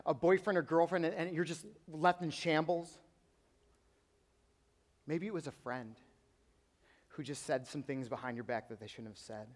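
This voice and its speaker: A young man, a youth pastor, telling a personal story in a sermon, earnest, sometimes hushed and sometimes emphatic. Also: a little high. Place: church auditorium. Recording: long hall reverb.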